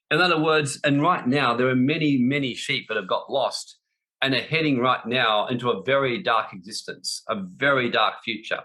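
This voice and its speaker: A man delivers a spiritual talk in a bright, forceful voice. He is blunt and emphatic, doubling up phrases to drive each point home, with his pitch sitting in an ordinary middle range. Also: normal speed. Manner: blunt, emphatic, repeats for stress. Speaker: spiritual teacher.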